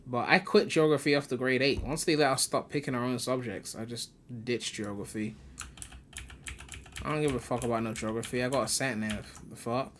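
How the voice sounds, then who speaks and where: A man's voice: medium pitch, a little fast, fairly bright tone, slight background noise. Young british guy w a mixed west african accent, chill and sweary, rambly game stream chat, mid voice. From United Kingdom. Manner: laid-back, swears freely, rambling asides. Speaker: gaming streamer. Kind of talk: casual live-stream commentary.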